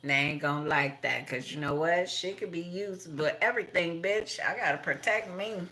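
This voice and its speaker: Middle-aged woman, low voice but bright and sharp, cussing and rambling. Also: moderate pace. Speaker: tarot reader. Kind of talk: casual rambling monologue.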